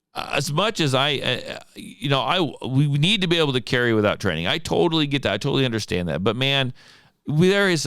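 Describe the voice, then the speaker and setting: A man's voice: mid-range voice, a bit bright, clear, resonant tone, no room sound, studio quality. A man hosting a firearms show, ranting indignantly about a local security contract and firing off rhetorical questions. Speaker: firearms instructor and show host. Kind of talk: fired-up solo commentary.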